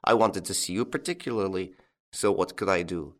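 A man reading the part of a suave, mocking young gentleman thief in an audiobook, with a playful, teasing manner. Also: low voice, fairly quick, natural voice.

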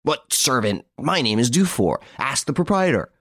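A man's voice: mid-range voice, very animated, normal speed, a bit bright, no echo, clean studio sound, voice pushed up. A man reading an audiobook, voicing a frightened, cornered servant who stammers fearfully as he defends himself. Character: frightened, cornered young male servant accused of murder.

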